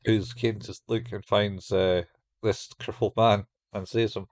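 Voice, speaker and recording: A podcast co-host with a lowish, slightly mellow voice speaks with flat delivery and a slightly slow pace, recorded with no echo. He rambles casually through an anime recap, acting out quoted lines in raised voices.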